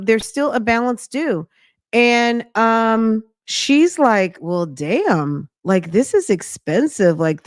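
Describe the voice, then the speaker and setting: A woman podcast host with a Southern US accent giving casual commentary on celebrity news, animated and indignant, swearing freely. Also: mid-range voice, no echo, clean studio sound. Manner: animated, indignant, profane ranting.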